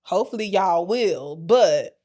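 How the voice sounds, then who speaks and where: A woman's voice: on the low side, expressive, a little slow, warm tone. Blunt, chatty American woman podcaster. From United States. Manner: chatty, talks straight to listeners, folksy and blunt. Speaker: podcast co-host. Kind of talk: casual chat.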